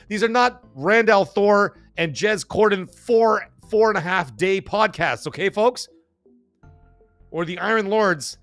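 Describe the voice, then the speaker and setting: A man hosts a casual live stream, reading out chat messages in a quick, rambling patter full of fillers and false starts. His voice sits a little on the high side for a man. Soft music plays faintly underneath. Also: no room sound. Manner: fast-talking, rambling, lots of fillers and restarts. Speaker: livestream host reading chat.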